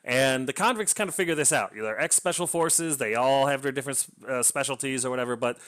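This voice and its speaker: A man's voice: medium pitch, brisk, fairly bright tone. A man giving a casual, rambling spoken review of a novel, with frequent restarts and enthusiastic asides. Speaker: book reviewer.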